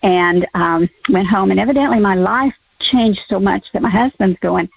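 An older woman calling in to a radio talk show, telling a personal story hesitantly with many pauses and soft laughs. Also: medium pitch, vocal fry, husky, no echo. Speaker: caller. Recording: muffled phone line.

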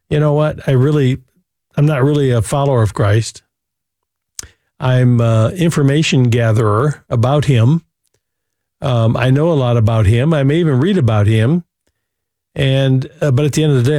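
A man's voice: medium pitch, a little mellow, dry recording, studio quality. A man hosting a Christian call-in radio show, speaking in an earnest, preacherly way. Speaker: host.

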